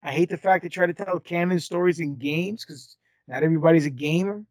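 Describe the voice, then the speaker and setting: Higher-voiced male podcast host. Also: brisk, dry recording. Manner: relaxed, leads the talk with questions and hesitant ums. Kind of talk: casual chat.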